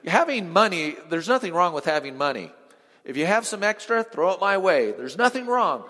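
A male pastor preaching a sermon, swinging from emphatic lines to hushed ones and quizzing the congregation. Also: a little high, sing-song, normal speed. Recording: long reverb of a large hall.

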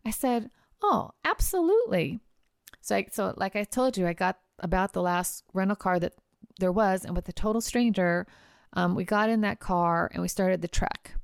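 A woman hosting a podcast, telling a personal travel story in a chatty, animated way with casual fillers. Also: medium pitch, moderate pace, creaky, clear, resonant tone, dry recording, clean studio sound. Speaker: podcast host and trial lawyer.

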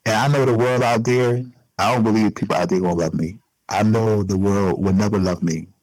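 Sex: man. Role: interviewee. Style: emotional personal interview. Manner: earnest, repeating points for emphasis. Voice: low-pitched. Sound: dry, close. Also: brisk, darkish tone, dry recording, rough recording.

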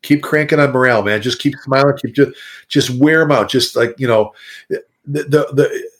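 Animated fire chief, a man talking shop. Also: medium pitch, normal speed. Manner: animated, repetitive, talks straight to listeners. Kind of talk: podcast interview talk.

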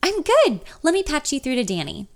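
A woman reading an audiobook, voicing a perky accented female receptionist with a high nasal voice. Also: huge pitch swings, a little fast, heavily acted. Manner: cheerful and bubbly. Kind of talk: audiobook character voice.

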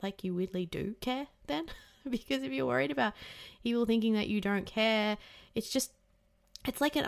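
A woman's voice: fairly high pitch, gravelly, a bit bright. A young woman hosting a podcast, talking casually and animatedly, swearing freely and acting out the voices in her head. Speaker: podcast host. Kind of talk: casual advice monologue.

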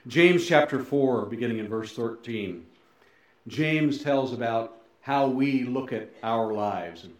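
A middle-aged male pastor giving a sermon, swinging between loud emphasis and soft, low endings, with folksy, self-deprecating asides. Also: slow. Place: church sanctuary. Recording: very echoey church hall.

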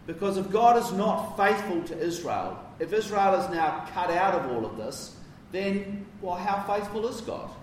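A man's voice: sits high, sing-song, a little slow, hardly any pauses, a little hiss or hum. A man preaching a sermon in a conversational, emphatic way, with casual asides. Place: church. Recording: roomy echo from a distance.

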